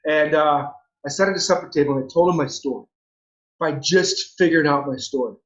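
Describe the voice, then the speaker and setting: A high-pitched man in his forties, originally from Southern California, opens up in a heartfelt interview. He circles back over his words and restarts phrases earnestly. The audio is dull and lo-fi. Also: fairly quick, fairly bright tone, roomy sound. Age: 40s. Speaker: interview guest, former pro baseball player. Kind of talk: heartfelt personal storytelling.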